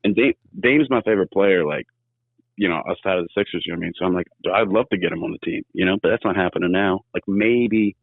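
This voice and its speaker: Fast-talking deep-voiced man on a phone line. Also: creaky, no echo. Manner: rambling, animated storytelling. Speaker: caller. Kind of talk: casual sports chat.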